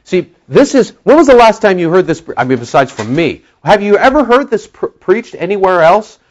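Male pastor, slightly high voice; conversational Bible teaching that turns emphatic. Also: very animated, fairly quick, lo-fi sound. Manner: emphatic, rising to near-shouting when stirred; conversational, with asides to the audience.

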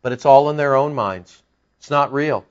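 A pastor with a medium-pitched voice preaches an expository Bible-teaching sermon at a moderate pace. His delivery is conversational and wry, with sarcastic asides and emphatic bursts. The recording sounds dull and lo-fi.

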